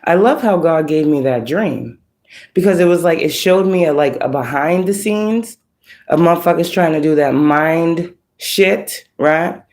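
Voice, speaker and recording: A woman, working as a spiritual reader, casually retelling a dream to her online audience in a profane, animated, laughing way. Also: low voice, unhurried.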